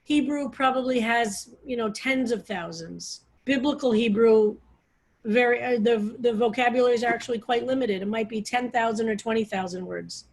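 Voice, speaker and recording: A woman's voice: fairly high pitch, moderate pace. A woman rabbi teaching a study group on a video call, explaining in a loose, digressive way with frequent restarts. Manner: digressive, restarts often, talks over her own phrasing.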